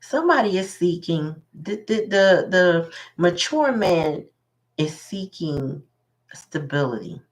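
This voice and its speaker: A woman's voice: on the low side, sing-song, takes it slowly, rough recording. A woman giving a casual live tarot reading, musing aloud and greeting her viewers. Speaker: tarot reader.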